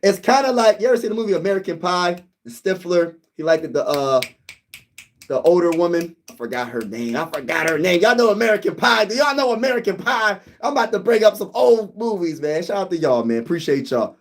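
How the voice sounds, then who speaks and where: Casting note: young male livestream host, a little high-voiced, excitable and chatty, chats with his viewers. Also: brisk, slight background noise. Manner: excitable, talks to viewers as "y'all", sings snippets. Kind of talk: casual live chat reading comments.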